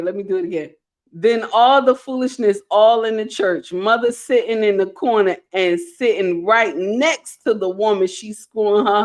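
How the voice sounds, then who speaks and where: A middle-aged woman hosting a live stream, reading viewer comments aloud with animated, playful scolding. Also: mid-range voice. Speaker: host.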